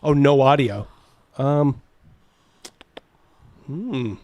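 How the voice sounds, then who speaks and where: A man's voice: mid-range voice, drawn-out words, a little mellow. A man hosting a livestream, reacting to clips with rambling talk, crude jokes and frequent laughter. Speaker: host. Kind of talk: casual livestream reaction chat.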